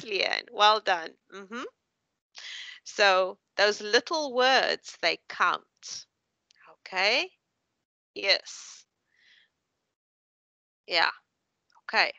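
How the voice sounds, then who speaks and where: A woman's voice: medium pitch, animated, creaky, bright, forceful tone, dry recording, lo-fi sound. A woman tutor giving patient, encouraging feedback to students in an online class. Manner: encouraging, patient, explains slowly. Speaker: university tutor.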